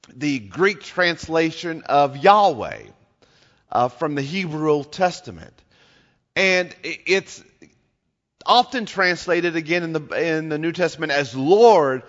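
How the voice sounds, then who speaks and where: A man preaching in a slow, deliberate way, with a slightly high voice. He explains scripture and presses on repeated words for emphasis. The sound is dull and rings with a long hall reverb. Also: fairly bright tone. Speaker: pastor. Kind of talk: sermon.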